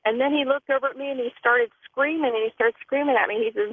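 A woman's voice: on the high side, steady tone, brisk. A woman from Florida calling a radio show to tell a personal story plainly, acting out what others said. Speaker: caller. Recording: tinny dry phone line.

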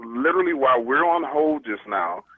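A man calling in as a guest storyteller, chatting in an animated, slangy, excitable way over the telephone. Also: mid-range voice, moderate pace, no room sound. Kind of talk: casual phone chat. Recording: tinny phone line.

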